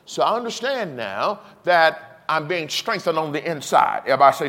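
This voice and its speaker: Very animated and fairly high-pitched, this sixties-aged pastor speaks at normal speed with a sharp tone. His sermon leans on emphatic repetition and repeated call-and-response, with chuckled asides to the congregation.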